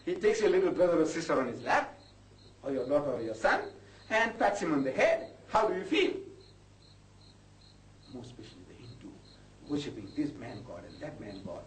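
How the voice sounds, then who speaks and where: A man, giving an impassioned lecture to a live audience. His voice sits fairly high and leaps up on rhetorical questions. It is recorded from far off in an echoey hall, with a faint hiss behind. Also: huge pitch swings, fairly quick, pauses often. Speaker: Islamic preacher.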